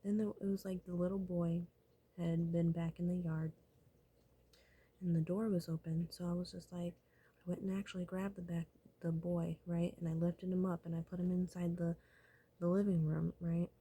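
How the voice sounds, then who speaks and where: Husky-voiced woman, casual vlog storyteller, profane and whispery. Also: fairly low pitch, little pitch movement, moderate pace, dark tone. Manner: profane, rambling, often drops to a whisper.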